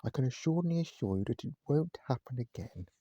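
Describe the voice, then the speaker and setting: A man's voice: medium pitch, lively intonation, quick pace, dark tone, slightly rough, no room sound, dull audio. A man voicing a pompous, very formal male restaurant manager in a storybook reading, stiff and over-polite. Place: at home, indoors.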